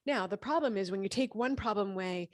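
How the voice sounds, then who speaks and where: Animated woman in her fifties, dry close sound. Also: medium pitch, fast, dry recording. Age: 50s. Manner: animated, acts out quoted dialogue. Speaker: podcast guest, gynecologist. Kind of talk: casual interview storytelling.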